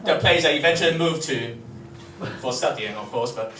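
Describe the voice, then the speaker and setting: A man's voice: mid-range voice, normal speed, fairly bright tone. A young man telling crude comic stories and laughing at his own jokes, in a roomy, distant recording with faint noise. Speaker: comedy vlogger. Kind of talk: rambling comic monologue.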